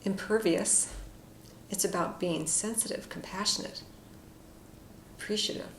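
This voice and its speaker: A woman giving a casual, reflective spoken tarot reading with frequent fillers and soft asides. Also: medium pitch, a little slow, vocal fry. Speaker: tarot card reader. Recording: echoey room with faint noise.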